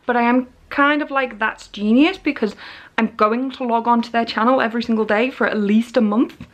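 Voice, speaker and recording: A woman in her thirties from England, talking casually to camera at home in a daily vlog, chatty and excitable, often restarting her sentences. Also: fairly high pitch, brisk. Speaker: vlogger. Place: cold living room at home.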